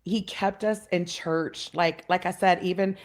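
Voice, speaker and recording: Woman guest, 30s, lower voice, heartfelt storyteller, restarts often. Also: fairly even intonation, moderate pace. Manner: heartfelt, many fillers and restarts, acts out voices in her story. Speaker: podcast guest. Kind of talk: personal storytelling.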